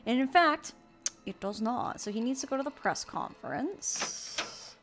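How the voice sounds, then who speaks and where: Chatty, playful woman streamer, high and very animated. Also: a little slow, loud music behind the voice. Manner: bubbly, chatty, playful asides to chat. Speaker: streamer playing a mystery game. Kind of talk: casual live-stream chat.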